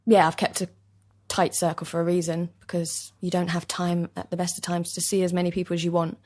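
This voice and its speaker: A young woman from East London, England, speaks with an East London accent in a lowish, monotone, slightly mellow voice. She's an actor guest in a casual interview recorded in a basement studio, chatty, agreeable and quick to laugh.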